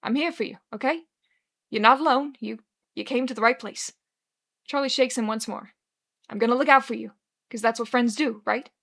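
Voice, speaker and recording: A woman's voice: on the high side, moderate pace, pauses often, fairly bright tone. A woman playing a brash, profane bartender man. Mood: soft worried. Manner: profane, wisecracking, old-fashioned slang. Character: brash, fast-talking male bartender, frazzled. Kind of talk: dramatic fanfiction reading.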